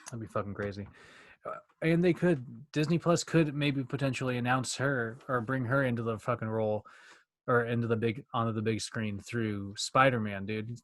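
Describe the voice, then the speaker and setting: A young man co-hosting a podcast in casual chat, talking fast and rambling, with plenty of swearing. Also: medium pitch, fairly bright tone. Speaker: podcast co-host.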